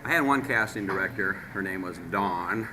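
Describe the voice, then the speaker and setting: A filmmaker talking emphatically to the camera, exasperated and insistent. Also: male voice, sits low, moderate pace. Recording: crowd noise behind. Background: crowd chatter.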